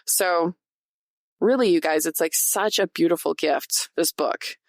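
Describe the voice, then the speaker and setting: Podcast host, woman, fairly low voice, very dry close sound; casual, talks right to listeners. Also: unhurried, dry recording. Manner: chatty, addresses listeners directly, laughs often. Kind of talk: casual solo podcast talk; partly reading from notes.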